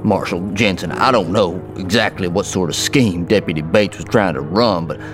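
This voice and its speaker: An actor playing a stern, gruff town sheriff who asks pointed questions. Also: male voice, sits low, normal speed, music in the background, lightly acted.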